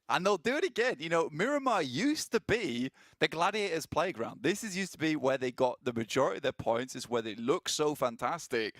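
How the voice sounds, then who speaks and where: A man casting esports, excitable and joking, laughing often as he talks. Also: fairly high pitch, no room sound. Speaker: esports caster. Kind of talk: esports analysis desk chat.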